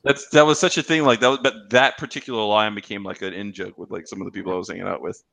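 Low-ish guy with a bright edge, podcast chat, jumps up high doing funny quotes, dry close mic. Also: fast talker, creaky, dry recording. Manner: animated storytelling, acts out quoted commercials in raised voices. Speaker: podcast co-host. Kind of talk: casual chat.

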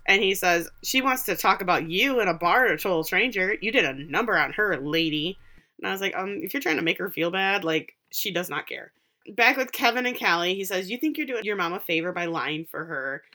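A woman's voice: mid-range voice, lively intonation, a little fast, pushed and bright. A woman co-hosting a podcast, recapping a TV episode in casual chat and acting out the characters' lines. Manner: chatty, acts out quotes from the show. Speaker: podcast co-host.

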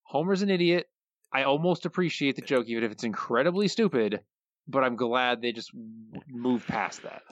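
Measured male podcast co-host. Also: medium pitch, animated, no echo. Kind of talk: casual chat. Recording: slightly dull lo-fi audio.

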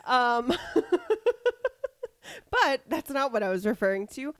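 A woman's voice: high-pitched, very animated, takes it slowly, no room sound. A woman co-hosting a podcast in casual, playful banter, laughing often. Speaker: podcast co-host. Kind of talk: casual chat.

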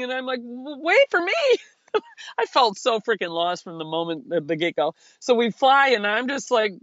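A man with a high voice tells a story with lots of energy and frequent laughter. He jumps into a higher voice to play his past self. The sound is dry and slightly muffled. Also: fairly bright tone, dry recording. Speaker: guest, paraglider. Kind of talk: casual storytelling interview.

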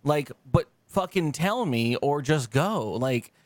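A man co-hosting a casual podcast chat, rambling and swearing, his pitch jumping high when he quotes himself. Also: expressive, takes it slowly, no room sound. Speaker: podcast co-host.

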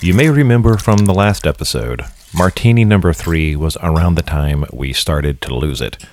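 A man's voice: a bass voice, lively intonation, normal speed, darkish tone, a little hiss or hum. A man, the producer, narrating the links and outro of a podcast.

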